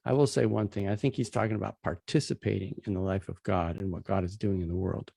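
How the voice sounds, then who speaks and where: A man's voice: deep voice, steady tone, fast talker, creaky, dark tone, husky, no room sound. A man casually teaching a Bible passage, retelling its scenes in plain, everyday slang as he walks through slides.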